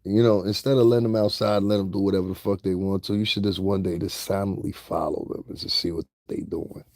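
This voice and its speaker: A man with a very deep, gravelly voice rants at his audience as a vlogger, taunting and swearing. He sounds dry and close, with no room around him. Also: steady tone, fast talker, darkish tone, no echo. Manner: profane and taunting, breaks into laughter. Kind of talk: confrontational rant.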